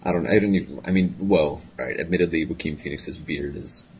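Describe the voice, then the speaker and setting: Deep-voiced man stammering deadpan absurdities. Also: brisk, breathy edge. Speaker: podcast co-host. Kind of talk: casual comedic chat.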